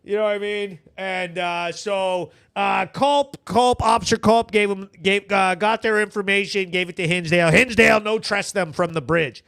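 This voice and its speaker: A man hosting a local news recap show, telling stories in a crude, animated way with loud shout-outs and frequent laughter. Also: high-pitched, moderate pace, vocal fry, few pauses, clear, resonant tone, dry recording, studio quality. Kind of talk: casual profane storytelling.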